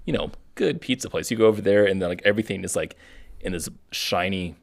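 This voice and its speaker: A man with a very low, gravelly voice, chatting on a casual comedy podcast. He rambles and stalls through his story with plenty of fillers. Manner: rambling, halting, with many fillers and laughs. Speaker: podcast co-host.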